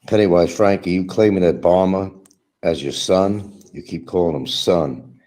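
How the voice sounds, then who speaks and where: A man's voice: sits low, normal speed, dark tone. A man hosting a stream, giving a combative, mocking monologue aimed at absent rivals. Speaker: livestream host. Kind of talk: ranting monologue.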